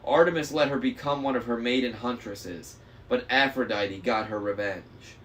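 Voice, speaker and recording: A man voicing a smug young male traitor demigod, smooth, mocking and persuasive. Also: mid-range voice, normal speed, a bit bright, lightly acted. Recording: faint noise, slightly distant mic.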